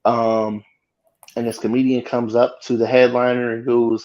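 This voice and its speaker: A man, a guest comedian, telling a story in casual chat with lively, freely swearing delivery. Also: mid-range voice, normal speed, dull audio. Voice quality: animated retelling, swearing freely.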